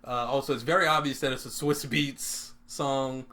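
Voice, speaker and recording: A man's voice: mid-range voice, steady tone, normal speed, very noisy. Young man bantering on a podcast. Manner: laughing, profane, jokey banter. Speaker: podcast co-host. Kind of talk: casual chat. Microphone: headphones and studio mic.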